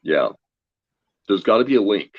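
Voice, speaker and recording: A man telling a story as a guest in a casual chat, energetic and chatty, laughing often. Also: fairly low pitch, normal speed, no room sound, dull audio. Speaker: guest, tarot reader.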